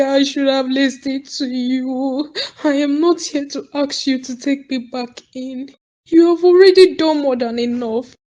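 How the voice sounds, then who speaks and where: A woman plays a heartbroken young mother in an animated film, her high voice pleading and breaking into sobs. She speaks slowly and carefully, with a Nigerian accent. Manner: sobbing, pleading. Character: grieving young mother, tearful and remorseful. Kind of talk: cartoon movie voice acting.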